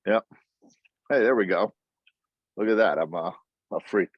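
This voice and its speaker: A man chatting on a video call from outside by a house, halting with many fillers and pauses. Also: lowish voice, no echo. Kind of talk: casual chat. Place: outdoors by a house in the sun. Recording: dull lo-fi video call audio.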